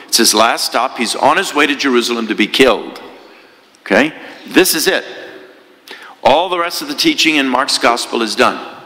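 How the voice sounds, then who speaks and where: Male priest, sermon, bright edge, big church reverb. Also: medium pitch. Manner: conversational preaching with rhetorical questions. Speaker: parish priest. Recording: echoey church hall.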